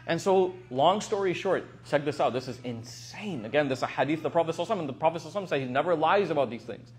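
A young man teaches by telling stories in a casual, animated way, with plenty of filler words. His voice sits a little high for a man. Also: rapid-fire, few pauses. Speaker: religious teacher. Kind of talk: casual storytelling talk.

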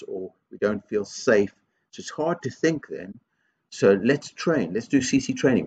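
A man, a primary school headteacher, giving a gentle, encouraging video assembly talk to young children. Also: fairly low pitch, breathy edge, lo-fi sound. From England.

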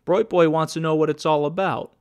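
Talkative taunting hit man, slightly high voice, as a male reader puts him on. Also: fairly even intonation, fairly quick, smooth, lightly acted. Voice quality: sneering, mocking.

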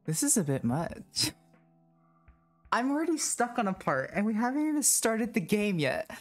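A man streams a horror game, his voice swinging up and down in a very animated way. He rambles and mocks himself, and he shrieks and laughs when something scares him. Faint game music plays behind him. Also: sits high, normal speed. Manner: rambling, self-mocking chatter. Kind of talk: live game commentary.

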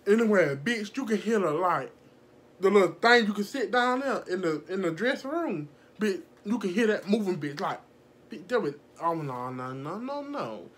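A young woman telling a casual storytime vlog, animated and profane, laughing often and acting out the people in her story. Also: medium pitch, normal speed, breathy edge. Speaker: vlogger.

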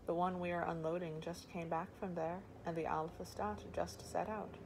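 Calm old harbor master, read by a woman. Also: fairly low pitch, background noise, lightly acted. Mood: calm, formal. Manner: measured and formal, addressing a lord.

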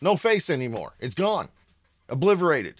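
An excitable American man hosting casual reaction commentary at home, bursting into shouts of amazement. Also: on the high side, moderate pace, dry recording. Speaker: reaction video host. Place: home room.

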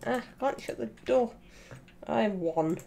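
A woman co-hosting a game stream, chatting casually, excitable and quick to laugh and swear. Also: on the high side, creaky, a little hiss or hum. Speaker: co-host gaming streamer. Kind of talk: casual gameplay banter.

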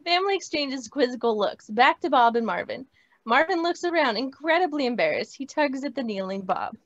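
Woman reading stage directions, high voice. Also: a little fast. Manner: plain, steady reading. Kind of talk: script table read. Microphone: video call. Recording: dry, muffled lo-fi audio.

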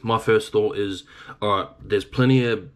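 A blunt Australian man in his thirties tells a long story in a casual, rambling way and swears now and then. His voice sits deep and low. He talks like a truck driver chatting to his viewers. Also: fairly even intonation, moderate pace.

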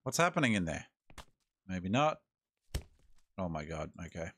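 Australian male gaming host, lowish voice, relaxed wisecracking let's-play commentary. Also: unhurried, slight background noise. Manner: laid-back, joking, talks to himself.

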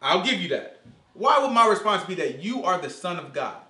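A man teaching a casual Bible study in an animated way, quizzing his listeners and acting out dialogue. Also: sits high, moderate pace. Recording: echoey room.

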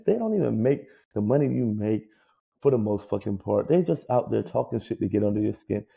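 A former pro ball player co-hosts a sports podcast, his medium-pitched voice gravelly with a breathy edge and a fairly quick pace on a lo-fi recording. He shares casual sports opinions with heavy swearing. Animated and profane, he mocks players in put-on whiny voices.

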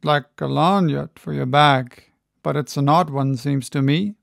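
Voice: medium pitch, unhurried, gravelly, no echo, clean studio sound, pitched below the performer's own voice. A reader voicing a doubtful shipmate. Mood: curious. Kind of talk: audiobook reading.

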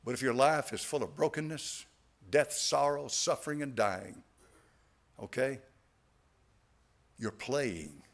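A man's voice: mid-range voice, expressive, slow pace, long pauses. A male pastor preaching a sermon, emphatic, punching key phrases and asking the congregation rhetorical questions. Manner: emphatic, rises to stressed phrases.

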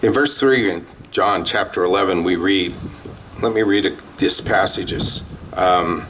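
A man's voice: low-pitched, measured pace, a bit bright, a little hiss or hum. A man, a pastor, preaching a sermon in a plain, conversational way with bursts of emphasis. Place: outdoor drive-in church service.

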